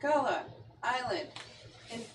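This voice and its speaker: A high-voiced woman co-hosts a casual podcast and chimes in with teasing asides. Her voice sits well above average in pitch. A faint hiss of background noise runs under her lines. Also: animated, slow pace, roomy sound, far from the mic. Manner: teasing, chiming in with short asides. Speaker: podcast co-host. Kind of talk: casual chat.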